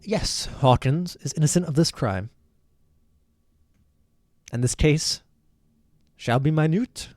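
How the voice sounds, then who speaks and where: A man voicing a calm, stately female judge who speaks in measured, formal rulings. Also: on the high side, dry recording, studio quality.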